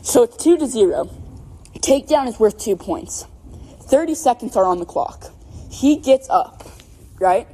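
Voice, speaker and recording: A woman's voice: fairly high pitch, a little slow, pauses often. Chatty young woman telling a story. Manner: animated, rambling, full of "like" and "right?". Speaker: podcast co-host. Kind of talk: casual storytelling chat.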